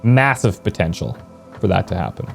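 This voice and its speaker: A man's voice: sits low, big pitch swings, normal speed, vocal fry, soft background music. A man streaming a video game, chatting casually and thinking aloud as he plans, now and then answering viewers. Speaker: let's play streamer. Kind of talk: casual gameplay commentary.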